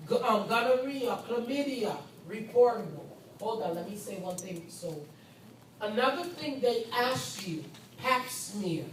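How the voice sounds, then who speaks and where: Woman w ish teaching nurses, loud and emphatic, slow, far from the mic in an echoey noisy room. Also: on the high side, expressive. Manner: loud, emphatic, conversational teaching with asides to students. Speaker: nursing lecturer. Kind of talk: classroom lecture. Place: classroom. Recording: echoey classroom recorded from far off with background noise.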